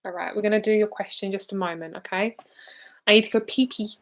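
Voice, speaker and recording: A woman's voice: mid-range voice, steady tone, fast talker. A young woman giving live tarot and psychic readings. She talks in a casual, rambling way, often says "like" and swears now and then. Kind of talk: live-streamed card reading.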